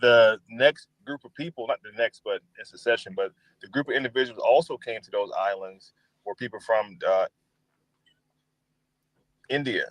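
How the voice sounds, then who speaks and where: Regular-voiced guy thinking out loud on a stream, dry sound. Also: medium pitch, moderate pace, dry recording, dull audio. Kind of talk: casual livestream chat.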